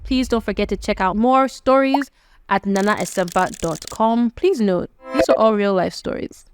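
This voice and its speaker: A woman's voice: medium pitch, normal speed, slight background noise. A woman narrating a true-life story in a casual, conversational way, talking straight to listeners. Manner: animated, conversational, addresses listeners directly.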